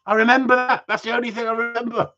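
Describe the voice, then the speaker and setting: A man's voice: extremely high pitch, level tone, quick pace, bright, forceful tone, muffled recording. A man chatting casually to viewers in a rambling, cheeky way, swearing freely. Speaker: vlogger.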